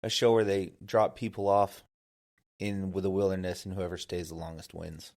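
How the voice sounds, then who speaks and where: In casual podcast chat, a middle-aged male co-host spins animated stories and laughs frequently. His low voice has vocal fry, and he talks a little fast.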